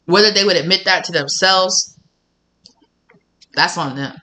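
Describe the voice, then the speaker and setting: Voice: medium pitch, unhurried, sharp tone. A tarot reader giving a casual reading to camera, blunt and sassy, swearing freely and laughing often.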